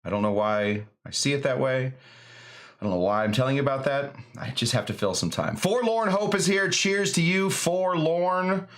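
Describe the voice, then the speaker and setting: A man's voice: mid-range voice, expressive, moderate pace, a bit bright. A man hosting a live cocktail stream, chatting in a rambling, jokey way full of fillers. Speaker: host of a live cocktail show.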